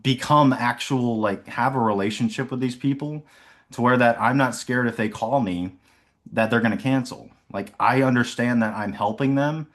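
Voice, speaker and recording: On a video call, a young insurance sales agent reflects casually about his mindset, his voice medium in pitch and moderate in pace. The talk rambles and is peppered with fillers and laughter.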